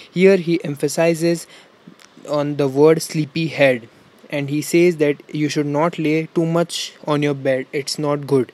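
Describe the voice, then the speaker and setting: A man's voice: fairly high pitch, level tone, measured pace, darkish tone. A young man with an Indian English accent, an English teacher explaining a children's poem and repeating each point simply for young pupils.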